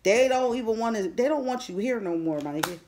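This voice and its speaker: A woman's voice: fairly high pitch, lively intonation, brisk, darkish tone, slight background noise. A woman reading tarot in a casual monologue, blunt and profane. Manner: blunt and profane, heavy slang. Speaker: tarot reader.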